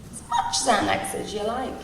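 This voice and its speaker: A woman's voice: mid-range voice, huge pitch swings, moderate pace, gravelly, noisy background. A woman in her forties sharing her story at a recovery meeting, candid and wry, laughing through painful memories. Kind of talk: personal share at a recovery meeting. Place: large hall at a convention. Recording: distant, echoey hall recording.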